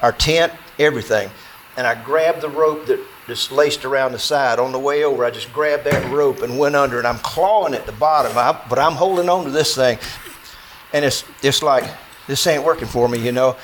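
A man recounts a true adventure to a group in an easygoing, folksy voice at an ordinary middle pitch. He slips into quoted dialogue and leans on fillers as he builds the tension. A faint hiss sits under the talk. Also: normal speed, poor audio. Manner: folksy, animated, acts out dialogue, filler-heavy. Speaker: storyteller speaking to an audience. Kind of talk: spoken true-story telling.

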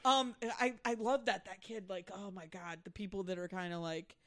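A woman's voice: medium pitch, moderate pace, a bit bright. A woman in a casual chat who talks emphatically and rambles with fillers.

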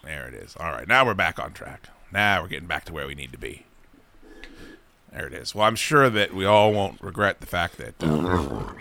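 A man's voice: low-pitched, lively intonation, normal speed, creaky, bright, forceful tone, a little hiss or hum. A male radio host telling a profane, exasperated story in the studio, acting out other people's lines. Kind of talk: casual comic talk radio rant.

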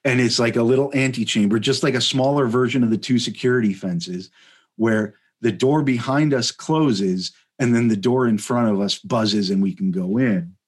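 A man, a podcast guest, telling a comedic story in a casual, animated way, rambling with lots of fillers and laughing mid-sentence. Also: mid-range voice, normal speed, breathy edge.

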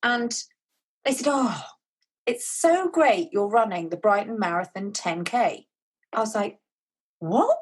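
A woman, telling a personal story in a chatty, animated way as an author guest. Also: mid-range voice, unhurried, breathy edge. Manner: animated, chatty, acts out quoted dialogue. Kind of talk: conversational storytelling.

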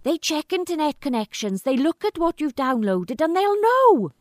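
A woman's voice: sits high, very animated, moderate pace, dry recording, clean studio sound, voice pushed up. A woman voicing a panicky young groom who talks frantically in a raised voice, in a storybook reading. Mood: frantic. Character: panicky young groom after a stag night.

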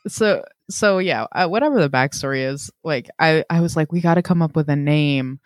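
A man's voice: on the high side, normal speed, no room sound, studio quality. A man co-hosting a podcast in casual chat, easygoing and joking, with plenty of fillers. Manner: easygoing, joking, lots of likes and ums. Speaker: podcast co-host.

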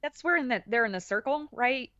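Animated woman podcast guest, lo-fi. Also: a little high, fairly quick, no echo. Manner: animated, laughing, many restarts. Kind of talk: casual chat. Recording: dull dry lo-fi audio.

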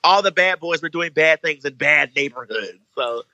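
A young woman telling a story in casual chat, animated and campy, jumping up to a high squeaky voice for the people she quotes. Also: moderate pace, no room sound, muffled recording. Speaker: podcast guest telling a story.

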